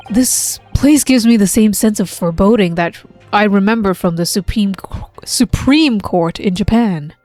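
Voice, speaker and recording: A woman's voice: medium pitch, warm tone, lightly acted. A woman doing a nervous young lawyer man.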